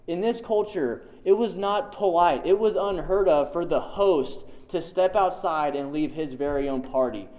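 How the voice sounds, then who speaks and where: A male preacher with a slightly high voice delivers a sermon in an emphatic, conversational way. He repeats his key lines for weight and drops casual asides as he walks through a scripture reading. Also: measured pace, hardly any pauses, darkish tone. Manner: conversational, dotted with "like".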